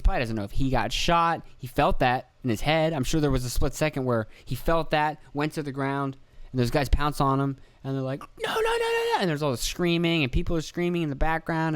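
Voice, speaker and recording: A man's voice: on the high side, smooth, no echo. Young guy rambling on his podcast, cussing a lot, doing goofy voices, dry close mic. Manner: swearing, jokey, acts out quoted voices. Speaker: podcast host. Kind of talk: rambling casual monologue.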